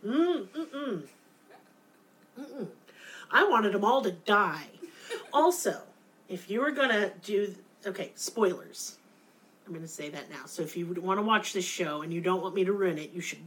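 A woman's voice: on the low side, moderate pace, a bit bright, rough recording. A young woman co-hosting a podcast, chatting casually and ranting sarcastically with lots of swearing. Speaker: podcast co-host. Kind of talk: casual chat.

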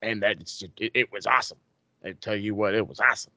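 A man asking wrestling trivia in a casual podcast chat, excitable and profane with rambling asides. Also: fairly low pitch, fast talker, no echo. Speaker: trivia quizmaster.

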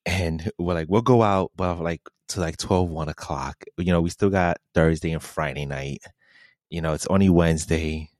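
Deep-voiced man telling a laid-back story. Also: moderate pace, darkish tone, no echo. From New York City. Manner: laid-back, laughs often, quotes friends. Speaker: podcast co-host. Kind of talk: casual storytelling chat.

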